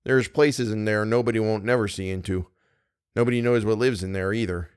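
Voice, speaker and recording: A man voicing an uneasy backwoods Canadian guide with rough, folksy speech that sinks to a fearful hush. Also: lowish voice, fairly even intonation, brisk, no echo, studio quality, close to an everyday voice.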